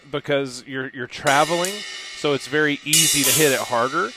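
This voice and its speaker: A man teaching drums, calling out bass, snare and crash hits as he plays, then explaining in a relaxed, casual way in a drum studio. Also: normal speed, over loud music. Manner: calls out drum parts loudly, then explains in a quieter casual voice. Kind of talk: demonstrating beats while counting aloud. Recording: loud drums over the voice. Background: drum kit playing.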